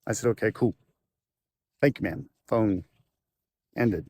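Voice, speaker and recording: A man's voice: lowish voice, slow, a little mellow. A man telling a long personal story in a loose, rambling way, with a faint hum of noise behind him. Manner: rambling, loose, with fillers and restarts. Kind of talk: casual storytelling to camera.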